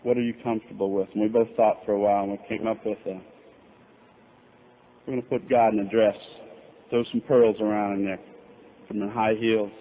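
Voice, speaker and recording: Recorded on tinny, faintly hissing lo-fi tape, a middle-aged man recounts his recovery at a convention, candid and self-deprecating. His fairly low voice holds a level tone and moves fairly quickly, broken by long pauses.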